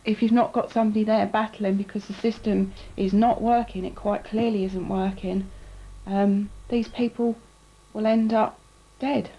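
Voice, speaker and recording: A woman speaking earnestly and indignantly about care failings in a documentary interview. Her voice is mellow and fairly level, with little rise and fall. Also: mid-range voice, steady tone, normal speed, husky, poor audio. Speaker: relative campaigning for care.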